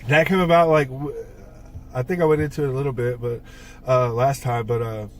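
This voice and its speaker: Male podcast co-host, mid-pitched and conversational, a rambling storyteller full of fillers who sits off-mic. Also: fairly even intonation, fairly quick, far from the mic, a little hiss or hum. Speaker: podcast co-host and band songwriter. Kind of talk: casual chat.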